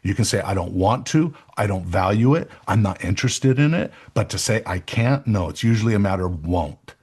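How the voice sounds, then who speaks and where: A man's voice: lively intonation, fairly quick, a little mellow, slightly rough. A middle-aged man hosting an interview, talking earnestly and with emphasis about his family's habits. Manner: earnest, emphatic, rising to enthusiastic pitches. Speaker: interview host. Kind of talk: conversational interview.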